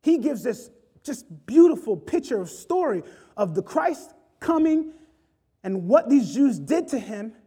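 A man's voice: very high voice, big pitch swings, measured pace, warm tone, husky. A man preaching an impassioned sermon, rising and falling in intensity. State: choked up with emotion.

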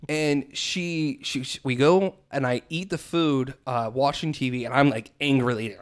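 A man telling a story in casual chat, animated and self-mocking, acting out what he said. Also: mid-range voice, measured pace, clear, resonant tone. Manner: animated, self-mocking, acts out his own quotes.

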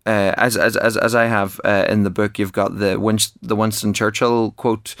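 This is a keen author and actor talking about his book in a conversational interview, full of false starts and repeated words. His low-leaning voice is a bit bright, delivered flatly at normal speed. There's no room sound, and the quality is studio-grade.

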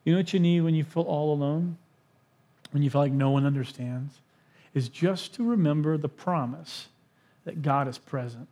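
Speaking at a moderate pace with fairly even intonation, the pastor has a mellow voice that sits on the high side. He's a man in his thirties giving a sermon in the church sanctuary, chatty and personal with humorous asides.

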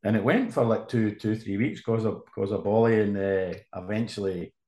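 Low-voiced man spinning a yarn. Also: moderate pace, mellow. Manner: rambling, storytelling with restarts. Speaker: guest, sports journalist. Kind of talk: casual anecdote telling. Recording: roomy echo.

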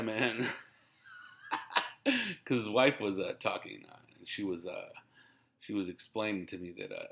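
Gravelly laid-back man on a podcast. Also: sits low, sharp tone. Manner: laid-back, rambling, laughs a lot. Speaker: podcast host and stand-up comedian. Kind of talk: casual podcast monologue.

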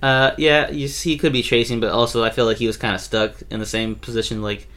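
A man's voice: mid-range voice, little pitch movement, fast talker, a bit bright. A young man hosting a casual podcast chat, joking and laughing easily. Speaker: podcast host.

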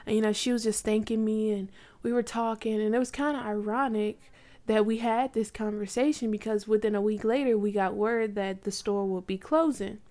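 A woman's voice: medium pitch, steady tone, normal speed, dark tone. A woman in her twenties casually telling a personal faith story, chatty, with lots of likes and you knows. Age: 20s.

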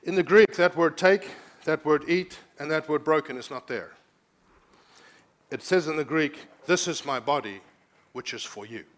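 A man's voice: fairly high pitch, normal speed. A man preaching a sermon as pastor, teaching scripture and rising to urgent, emphatic preaching, often asking the congregation to respond.

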